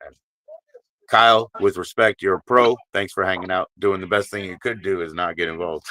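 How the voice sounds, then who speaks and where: A man with a low voice hosts a live stream call, swearing freely while he reassures a guest. His tone is bright and forceful. The mic is close and dry, with no room sound. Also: normal speed, dry recording. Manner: blunt, profane, consoling. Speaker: livestream host. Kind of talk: casual live stream chat.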